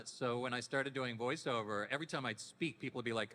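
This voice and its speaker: A man in his fifties, a voice actor guest at a panel, telling stories casually in a deepened, relaxed voice with frequent restarts. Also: fast, few pauses, a little hiss or hum. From Canada. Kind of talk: casual anecdotal panel talk. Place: convention panel hall. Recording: echoey convention hall.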